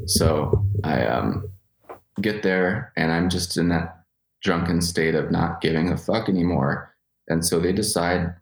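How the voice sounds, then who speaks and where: A man's voice: low voice, gravelly. A man in his thirties telling a candid personal story, swearing freely and restarting his sentences often. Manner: candid, profane, halting restarts. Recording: roomy echo.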